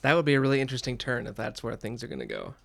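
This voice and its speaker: A man co-hosting a book podcast, chatting in a relaxed, agreeable way and thinking aloud. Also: medium pitch, very fast, gravelly. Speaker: podcast co-host. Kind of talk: casual book-club podcast chat.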